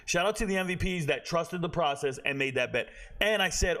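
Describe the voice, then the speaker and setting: A man's voice: a little high, fairly quick, hardly any pauses, bright, forceful tone. A man hosting a sports betting vlog, ranting in a brash, boastful, scolding way. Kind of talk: betting picks vlog rant.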